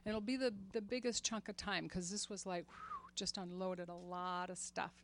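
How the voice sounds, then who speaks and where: A woman in her sixties giving an earnest faith talk to a group, laughing often and growing animated when she retells stories. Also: medium pitch, normal speed. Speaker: women's ministry speaker.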